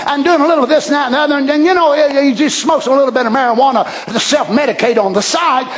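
A man preaching an impassioned sermon, shouting and calling out praise. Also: very high-pitched, fast talker. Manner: shouting, impassioned, calls out hallelujah. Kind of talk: fiery sermon.

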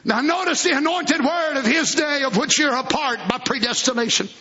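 A man preaching a fervent sermon, swinging between shouts and low asides. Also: moderate pace, highs cut off.

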